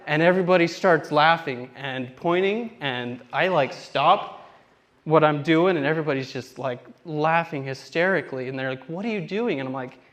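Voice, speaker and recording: A man's voice: a little high, normal speed, a bit bright. A young man doing a stand-up comedy set on a theater stage, telling rambling, self-deprecating stories and acting out what people said. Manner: rambling self-deprecating storytelling with acted-out quotes.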